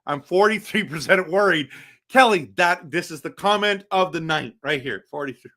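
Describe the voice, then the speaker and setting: A man hosting a casual live stream, reading chat comments aloud and answering them in an animated, chatty way with frequent restarts. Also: a little high. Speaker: livestream host reading chat.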